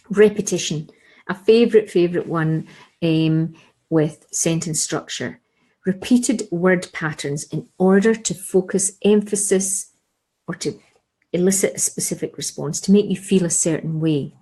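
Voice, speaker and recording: A woman's voice: lowish voice, measured pace, dark tone, poor audio. A woman giving an exam revision lesson, explaining patiently, repeating key points and asking rhetorical questions. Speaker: English teacher.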